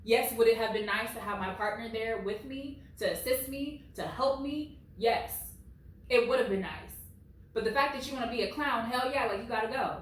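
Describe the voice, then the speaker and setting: A woman in her late twenties reading reddit stories at home with blunt, animated commentary, peppered with "like". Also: fairly high pitch, moderate pace. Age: late 20s. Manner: blunt and animated, heavy use of "like". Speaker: reddit story reader. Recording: very echoey room, far from mic.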